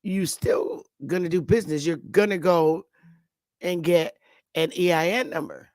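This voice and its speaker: A woman's voice: on the low side, unhurried, darkish tone, dry recording, clean studio sound. A woman hosting a casual morning talk show, rambling and blunt, with frequent swearing.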